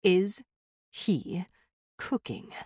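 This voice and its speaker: A man's voice: on the high side, moderate pace, darkish tone, no room sound, studio quality. A woman voicing a weary young male vampire prince who talks in short, clipped questions. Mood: dry, weary.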